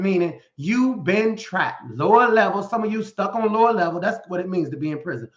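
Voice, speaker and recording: A man's voice: high voice, sing-song, moderate pace, hardly any pauses, a bit bright. A man as a life coach, giving a motivational talk with Bible readings. He speaks in an emphatic, slangy, rhetorical way and keeps asking "right?". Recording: echoey room, dull lo-fi sound.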